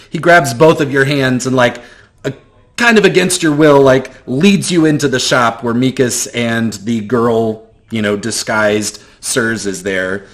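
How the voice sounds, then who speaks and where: A male game master describes the scene in a relaxed, rambling way. He pads his narration with "um" and "like" as he goes, talking casually to his players. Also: mid-range voice, unhurried. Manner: loose, filler-heavy narration.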